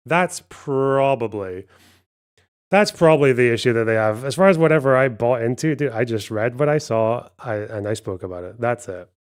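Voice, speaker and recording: A man's voice: medium pitch, clean tone. Rambling, profane male streamer. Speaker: livestream host. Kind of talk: casual livestream chat.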